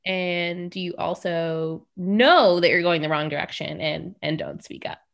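A woman's voice: on the low side, a little slow, gravelly. A woman co-hosting a casual podcast chat, teasing her friend in a playful way. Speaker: podcast co-host.

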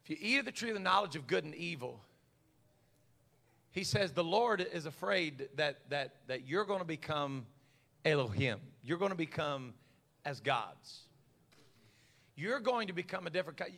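A man preaching a sermon, folksy and stammering, swinging from quiet asides to fiery shouts. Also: a little high, expressive, normal speed, vocal fry, pauses often.

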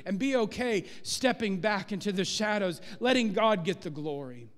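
A man preaching a sermon as pastor of a church, animated and rising in force on key points. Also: high voice, moderate pace, in a large hall. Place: church sanctuary.

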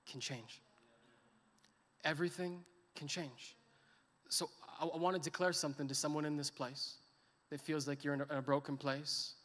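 High-voiced, bright male preacher in a reverberant hall. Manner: builds to impassioned crying out, drops to soft intense emphasis. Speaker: pastor. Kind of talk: sermon. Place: church sanctuary.

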